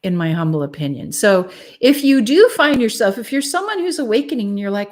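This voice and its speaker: A woman's voice: fairly high pitch, sing-song, moderate pace, hardly any pauses. A woman guest in a casual interview, speaking frankly and animatedly and laughing often. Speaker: guest, spiritual channeler.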